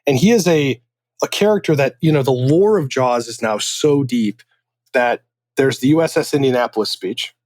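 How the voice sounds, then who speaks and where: A man hosting a casual drinks chat, telling stories in an animated way and laughing often. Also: medium pitch, moderate pace, dry recording. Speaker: host.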